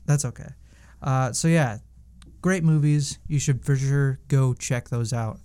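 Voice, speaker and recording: Smooth-voiced young man hosting casually. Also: medium pitch, a little slow, warm tone. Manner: rambling, many fillers and restarts. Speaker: podcast co-host. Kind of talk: casual movie-review chat.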